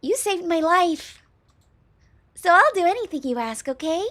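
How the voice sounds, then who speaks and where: Streamer girl putting on a squeaky wobbly slime girl, naive and eager, swoops all over. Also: expressive, unhurried, fairly bright tone, heavily acted. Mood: innocent. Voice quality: high-pitched, wobbly, cutesy. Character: cute wobbly young sludge-monster girl, naive.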